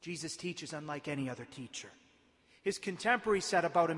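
Priest, male, high voice, emphatic homily with slow stressed phrases, long church reverb. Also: fairly bright tone. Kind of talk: Gospel reading and homily. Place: large church.

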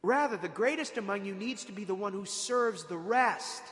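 High-voiced preacher in a reverberant hall. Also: male voice, normal speed, a bit bright. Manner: dramatic, quoting scripture with emphatic rises. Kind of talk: sermon.

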